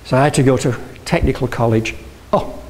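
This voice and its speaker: Guest speaker and Yorkshireman, he gives a motivational talk full of anecdotes and audience questions, often backtracking to correct himself. His voice is mid-range, slightly mellow, and fairly quick; the recording is low quality with a bit of hiss or hum.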